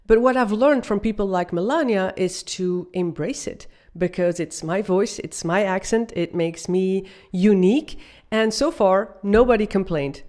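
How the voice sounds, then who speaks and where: Non-native woman host, upbeat and emphatic, coaching viewers with pauses. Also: mid-range voice, darkish tone. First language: not English. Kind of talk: presenting a video lesson.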